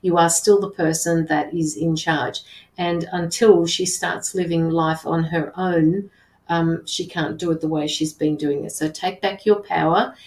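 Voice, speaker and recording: A woman working as a tarot reader and medium, relaying messages in an earnest, halting way with many restarts. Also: on the low side, steady tone, darkish tone, roomy sound, poor audio. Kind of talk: live intuitive reading.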